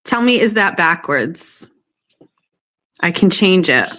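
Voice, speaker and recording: A woman chatting casually on a live stream from her kitchen table, excitable and swearing, often gasping and laughing. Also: on the low side, takes it slowly.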